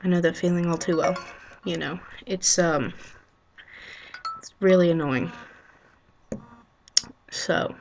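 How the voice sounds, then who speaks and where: A woman talking unscripted to her webcam, halting and emotional, with frequent sighs, ums and you-knows. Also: fairly low pitch, steady tone, darkish tone, a little hiss or hum. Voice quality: sighing. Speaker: vlogger. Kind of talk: unscripted heartfelt monologue to camera. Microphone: built-in webcam mic.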